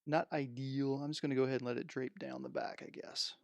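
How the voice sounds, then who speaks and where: A man's voice: mid-range voice, level tone, quick pace, creaky, darkish tone, dry recording. Rambling man thinking aloud over gear. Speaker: streamer unboxing music gear. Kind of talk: unscripted live stream chat. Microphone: headset microphone.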